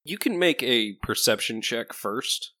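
A man's voice: medium pitch, lively intonation, measured pace, bright, forceful tone, no room sound. A man hosting and running a tabletop game as game master, narrating in a casual, laid-back way.

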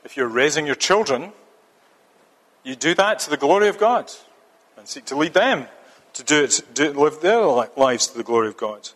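A man's voice: on the high side, expressive, normal speed, a bit bright. A man preaching a sermon, earnest and emphatic, often repeating a phrase for stress. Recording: long reverb of a church hall.

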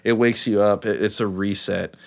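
A man's voice: on the low side, fairly even intonation, moderate pace, creaky. A man, a business owner and father chatting casually in a podcast and rambling through stories full of "man" and "dude". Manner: rambling storyteller, acts out quotes with frequent "man" and "dude".

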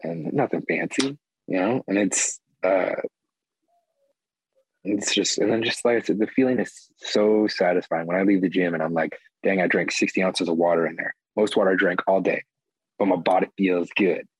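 A man's voice: low voice, moderate pace, slightly rough, dry recording. A man speaking as a guest in a casual interview, rambling with lots of filler words and blunt swearing. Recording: dull lo-fi audio.

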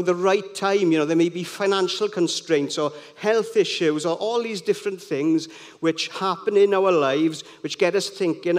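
A middle-aged man gives a sermon in a conversational, rambling way full of personal anecdotes. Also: high-pitched. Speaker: preacher.

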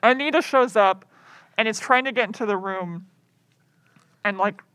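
A woman's voice: medium pitch, normal speed, fairly bright tone, no room sound. A woman co-hosting a podcast, casually retelling a film's plot and acting out the characters' lines with playful energy. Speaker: podcast co-host. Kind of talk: casual chat recapping a film.

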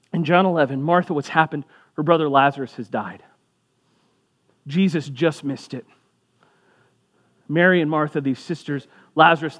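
A pastor delivers a sermon in a conversational style, dropping in asides. His slightly high voice rises whenever he wants emphasis.

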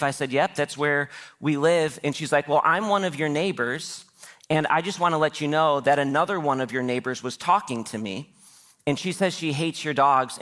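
A man's voice: a little high, fairly bright tone. A man, the pastor, telling a personal story during a church sermon, quoting the people in it himself. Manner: anecdotal, quotes others in his own voice.

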